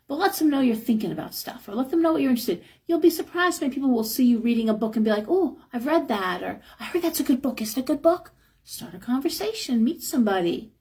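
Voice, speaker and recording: A middle-aged woman on a live stream talks through spiritual advice in a frank, chatty way and sounds a bit worn out. Her voice sits fairly high, with a husky edge and a gravelly fry at the ends of her phrases. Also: a little mellow. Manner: chatty, frank, acts out quotes with a higher voice. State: tired. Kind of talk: casual live-stream talk, reading chat.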